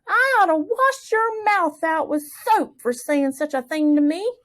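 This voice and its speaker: A woman's voice: expressive, a little slow, a bit bright, full character voice. A woman voicing a vain, prissy mayor's wife who shrieks in outrage while reading a storybook aloud. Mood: outraged. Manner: shrill, scandalized outbursts.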